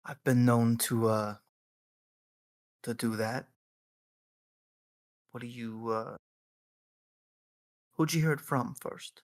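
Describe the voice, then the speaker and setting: A slick, swaggering male thief with a put-on Italian accent, played by a game master. He talks in a guarded, cagey way at a middling pitch. It sounds like a tabletop role-play. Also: takes it slowly, long pauses, no room sound, clean studio sound, natural voice.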